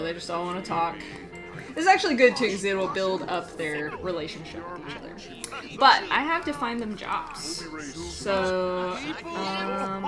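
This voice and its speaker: A woman giving casual let's-play commentary, chatty and laughing often, with casual swearing. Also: medium pitch. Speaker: gameplay streamer. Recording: game music and sim chatter loud behind. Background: game music and crowd chatter.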